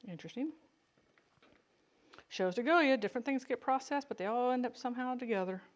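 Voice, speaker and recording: A woman's voice: fairly high pitch, a little fast. A woman chatting casually with viewers while she cans beans. She jokes and teases herself as she works. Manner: chatty, joking, self-teasing, talks to viewers by name. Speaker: home canning vlogger. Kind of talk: casual cooking livestream chat.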